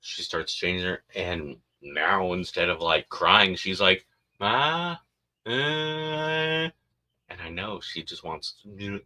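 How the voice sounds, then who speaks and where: A podcast host rambles through a casual monologue in a low, slow voice that sounds pushed and bright. His humor is crude and joking, and he often acts out silly voices of babies and parents.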